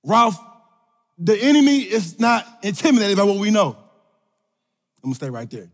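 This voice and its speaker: A man with a high voice preaches to a room full of listeners, hammering his points through repetition. His delivery swings from shouted declarations to hushed asides, and the sound carries a long hall reverb. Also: normal speed. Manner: emphatic, repetitive declarations with call-and-response energy; animated, swings from loud to quiet. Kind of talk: sermon. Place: large room with audience.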